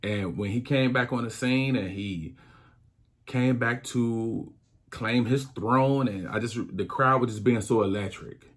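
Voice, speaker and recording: A man hosting his own podcast, talking reflectively in a casual style, with many restarts. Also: mid-range voice. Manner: slow, reflective, drawn-out phrasing with many restarts. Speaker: podcast host. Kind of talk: casual solo podcast talk.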